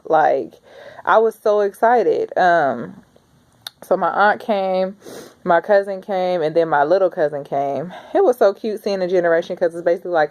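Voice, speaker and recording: A woman's voice: on the low side, darkish tone, muffled recording. A woman in her thirties talking in a casual, rambling video diary, chatty and heartfelt. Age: 30s. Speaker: vlogger.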